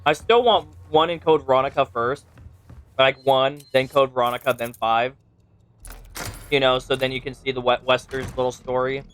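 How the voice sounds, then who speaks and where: A man's voice: mid-range voice, normal speed, a bit bright, faint music behind. Man rambling about game lore. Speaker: let's play co-host. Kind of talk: casual gameplay chat.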